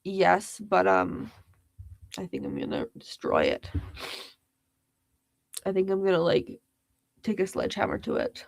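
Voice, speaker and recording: A woman's voice: mid-range voice, huge pitch swings, a little slow, creaky, pauses often, no echo. A young woman hosting a casual livestream, chatty and giggly, reading viewers' comments aloud. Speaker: livestream host.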